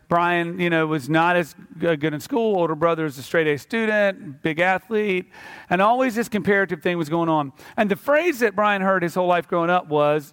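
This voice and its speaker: A man with a notably high voice delivers a sermon. He talks to the congregation in a relaxed, conversational way while telling a story, then presses his point with earnest conviction. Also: moderate pace, clear, resonant tone. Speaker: pastor.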